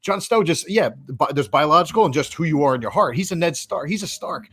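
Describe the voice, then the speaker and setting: A man talking fast and rambling in a casual livestream discussion, peppering his speech with "like". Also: fairly high pitch, lively intonation, a bit bright, slightly rough, no echo. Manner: rapid, rambling, lots of "like". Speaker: podcast co-host.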